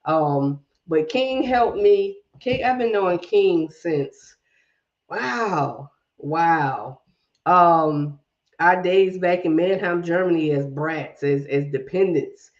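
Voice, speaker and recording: In this lo-fi clip, a woman with a fairly low voice speaks slowly, her accent blending a Southern drawl with Brooklyn. She's hosting a casual livestream, greeting viewers by name and talking herself through fixing tech problems.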